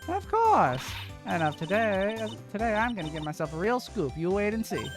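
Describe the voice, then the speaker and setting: A woman's voice: big pitch swings, moderate pace, close to an everyday voice. A woman voicing a brash young female photographer with a put-on Southern US accent, reading game dialogue aloud. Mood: excited. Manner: boisterous, drawling, high-pitched. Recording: game music behind. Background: game music.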